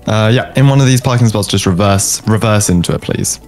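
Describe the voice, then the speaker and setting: A man's voice: lowish voice, fairly quick, a little mellow, faint music behind. A man playing a polite, exasperated driving examiner in a joking game session. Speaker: game guest. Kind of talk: comedic role-play as driving examiner.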